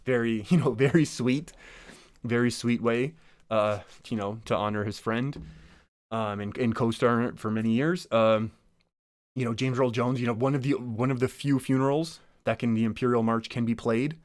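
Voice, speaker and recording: A man's voice: mid-range voice, fairly even intonation, moderate pace, no echo, studio quality. A man hosting his own podcast, talking casually in a chatty, rambling way with many restarts and small laughs. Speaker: podcast host. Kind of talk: casual solo podcast talk.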